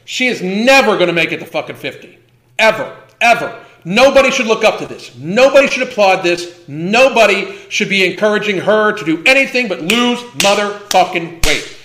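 A man in his fifties hosts a livestream, ranting heatedly with heavy swearing and emphatic repetition. His high-pitched voice is animated, bright and forceful at a normal speed, and the room sounds echoey.

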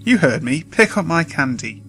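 A man playing a snappish, shouting candy poisoner woman. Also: on the high side, very animated, moderate pace, soft background music, pitched above the performer's own voice. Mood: angry. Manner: snappish, shouting when crossed. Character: short-tempered woman handing out poisoned candy.

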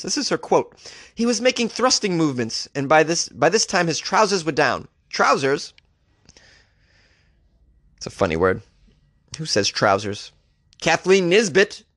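A man's voice: a little high, a bit bright, dry recording, clean studio sound. A man hosting a comedic news podcast, joking and laughing at his own gags as he reads out the stories.

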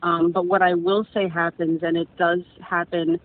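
A woman's voice: flat delivery, moderate pace. A woman guest telling her own story in a rambling, earnest way, often repeating words as she gathers her thoughts. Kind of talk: casual personal storytelling. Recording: tinny phone-like line with faint rumble.

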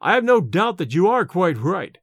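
A man voicing a shaken young male scholar forcing himself to sound calm, in a storybook reading. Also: sits high, normal speed, dry recording, clean studio sound, full character voice. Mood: uneasy.

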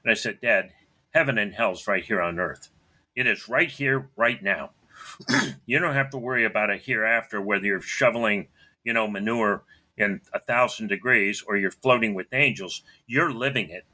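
A middle-aged man tells a personal story in a bright, forceful voice. He speaks bluntly and keeps clearing his throat between phrases. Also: fairly low pitch, normal speed.

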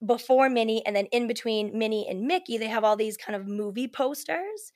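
Chatty woman with a fairly high voice. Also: fairly quick. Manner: chatty, heavy use of "like" and "you know"; animated, acts out quoted lines. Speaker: podcast guest. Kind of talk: casual storytelling chat.

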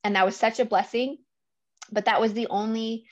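A woman's voice: a little high, steady tone, moderate pace, no room sound, muffled recording. A woman speaking as a guest coach in a casual interview, earnest and emotional, often laughing as she talks. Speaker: guest, business coach for mothers.

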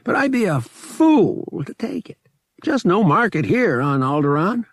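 A man's voice: high-pitched, sing-song, unhurried, no room sound, clean studio sound, pitched above the performer's own voice, full character voice. A man voicing a cordial, cagey older male gambler who talks in an easygoing, friendly way. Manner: cordial, drawling.

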